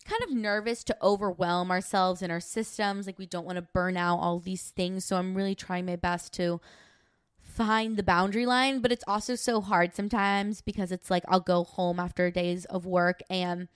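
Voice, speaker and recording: A woman's voice: fairly low pitch, steady tone, moderate pace, clear, resonant tone, dry recording, clean studio sound. A young woman, co-hosting a podcast in a casual, rambling chat full of fillers. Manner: chatty, rambling with many fillers. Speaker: podcast co-host.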